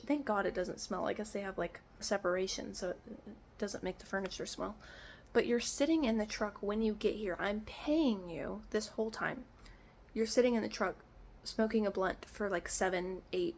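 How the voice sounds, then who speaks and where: A woman's voice: medium pitch, creaky, slight background noise. A young woman ranting in a casual storytime vlog, exasperated, swearing often and saying "like" a lot, in an echoey indoor room. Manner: exasperated, swearing, lots of filler "like". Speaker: vlogger.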